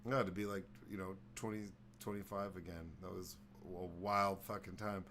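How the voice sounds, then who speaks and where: A man's voice: low voice, level tone, moderate pace, a bit bright. A young man hosts a loose podcast chat. He rambles through profane stories and slips into voices for the people in them. A faint hiss of noise sits under the recording. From Texas. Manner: rambling storyteller who acts out voices, swears freely. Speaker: podcast host. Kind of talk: casual chat.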